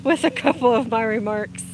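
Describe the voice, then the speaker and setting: Chatting casually with viewers over her phone, a woman hosts a livestream outdoors in the sunlight and reads their comments, greeting them warmly and laughing often. Her voice is a little high and her speed normal. A little hiss or hum can be heard.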